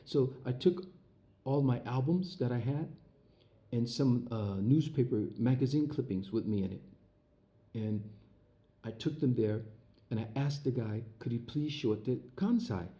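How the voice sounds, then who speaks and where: A man recounts an old personal story in loose, conversational speech, full of uhs and restarts. His voice is very dark and mellow. When he quotes people, he slips briefly into their voices. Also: mid-range voice, animated, moderate pace. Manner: frequent fillers and restarts. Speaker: entertainer recounting his past. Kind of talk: casual spoken anecdote.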